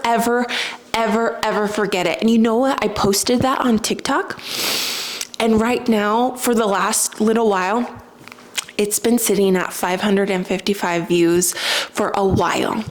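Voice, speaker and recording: A woman's voice: medium pitch, measured pace. A young woman talking casually to her viewers, chatty and emotional, with lots of "like" as she tells a personal story. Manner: chatty, emotional, says "like" often. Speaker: spiritual vlogger.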